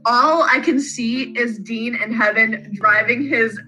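A woman co-hosting a casual fan podcast, retelling scenes in a rambling, animated way. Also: fairly high pitch, slow pace, faint music behind, rough recording. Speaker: podcast co-host.

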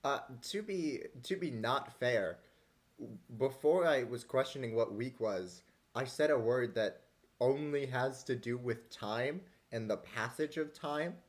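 A man's voice: mid-range voice, measured pace. A man co-hosting a podcast, chatting casually with friends in a teasing, playful way. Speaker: podcast co-host.

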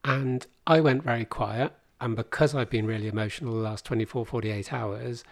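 Podcast guest: man, fifties, rambling wry storyteller, mid-pitched voice. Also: steady tone, normal speed, gravelly, no room sound. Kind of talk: casual conversation.

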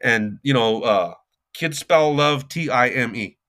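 A man's voice: mid-range voice, animated, unhurried, fairly bright tone. A man in his forties, a youth coach and mentor, speaking as a guest in a casual podcast interview with a reflective, advice-giving manner and plenty of fillers.

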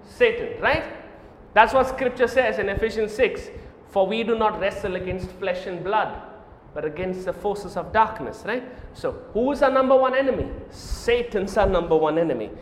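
A man preaching with a very high voice that rings through a large, echoey church hall. He swings from loud, emphatic proclamations to quiet asides and repeats lines of Scripture for weight. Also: normal speed, slight background noise. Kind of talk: sermon. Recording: echoey hall, roomy reverb.

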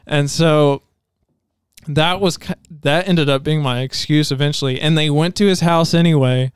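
A man's voice: fairly high pitch, steady tone, moderate pace, smooth, dry recording, clean studio sound. A man on a podcast sharing a personal testimony in casual chat, telling it earnestly and rambling, with many restarts. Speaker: podcast co-host.

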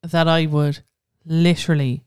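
Cork guy on a podcast, higher smooth voice, dry close mic, says like a lot, dramatic. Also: flat delivery, unhurried, no room sound. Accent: Irish, Cork. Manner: emphatic, dramatic exaggeration, lots of "like". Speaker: podcast co-host. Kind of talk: casual chat.

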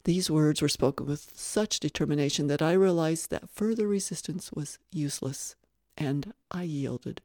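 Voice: mid-range voice, normal speed, a little mellow, no room sound, studio quality. An audiobook narrator reading a first-person story.

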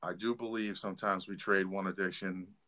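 A middle-aged man with a very low voice and a bright, forceful edge to it. He tells frank stories in a loose, blunt podcast style, stumbling and restarting as he goes. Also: steady tone, fairly quick. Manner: candid, blunt storytelling with fillers and restarts. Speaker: podcast co-host. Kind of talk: casual podcast storytelling.

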